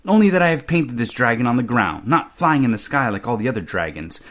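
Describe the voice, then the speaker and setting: A man voicing a wise older master painter in a read-aloud storybook, speaking quietly and in a measured way. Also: mid-range voice, big pitch swings.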